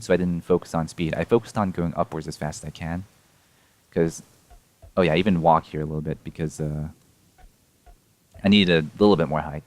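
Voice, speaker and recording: Low-voiced young man rambling over gameplay. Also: a little mellow, dry recording. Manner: rambling, self-correcting, chuckles at himself. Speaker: speedrun player explaining a tool-assisted run. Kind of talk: casual frame-by-frame commentary.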